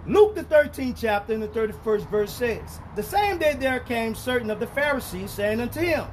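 A male pastor with a strikingly high voice teaches the Bible in an animated, preachy way. He drops to quiet asides, then rises to shouts when reading scripture slowly and emphatically. A faint hum of noise sits under the recording. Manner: animated, preachy, swings between mutters and shouts; reads scripture in slow, emphatic bursts. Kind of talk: street-style Bible teaching.

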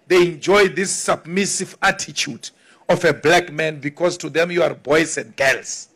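A man giving a forceful, defiant political speech. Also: high-pitched. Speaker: politician addressing a crowd.

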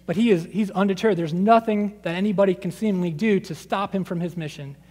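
A man in his thirties preaching a sermon, conversational and animated, acting out scripture quotes and his children's voices. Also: sits high, a little fast. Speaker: pastor. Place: church sanctuary. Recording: long reverb of a church sanctuary.

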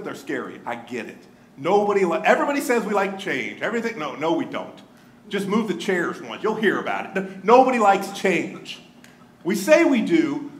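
A male pastor preaches in a bright, high, swooping voice, animated and joking. The sound is roomy, like a large sanctuary, with a faint hum behind him. His delivery rises and falls as he tells the story. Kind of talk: sermon. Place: church sanctuary.

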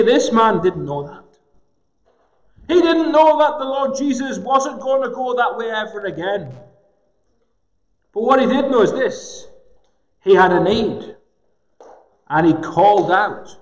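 A man preaching a sermon in a gospel hall, slow and emphatic with dramatic pauses. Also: extremely high pitch. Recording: echoey hall with long reverb.

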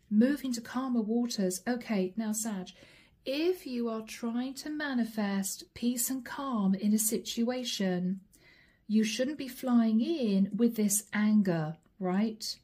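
Husky woman doing a tarot reading. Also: fairly high pitch, lively intonation, unhurried, dark tone. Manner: direct, probing questions to the viewer. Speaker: tarot reader.

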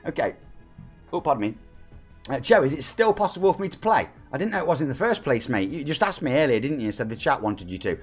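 A man's voice: mid-range voice, sing-song, quick pace, breathy edge, soft background music. A man in his forties with an East Midlands English accent, hosting a live game stream at home, chatty and hyped while reading out and thanking viewers. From England. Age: 40s. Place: home room.

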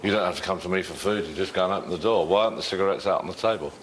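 Brief: mid-pitched man, fast and insistent, faint room noise. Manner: pointed, questioning, insistent. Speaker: reality show housemate. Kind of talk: heated argument.

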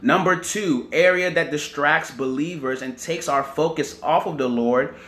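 A man's voice: a little high, unhurried, fairly bright tone. Man preaching in an echoey room. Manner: repeats words, asks "right?" and "amen". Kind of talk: sermon teaching.

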